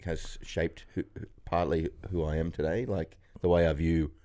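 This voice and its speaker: A man, telling stories in a relaxed podcast chat and laughing often. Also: deep voice, moderate pace. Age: 40s. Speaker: podcast host. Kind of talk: casual chat.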